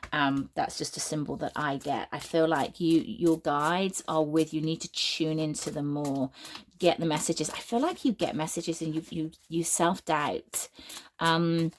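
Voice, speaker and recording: Low-voiced rambling British woman reading tarot. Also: darkish tone, slight background noise. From United Kingdom. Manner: rambling and free-flowing, goes off on tangents with many restarts. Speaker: tarot reader and medium.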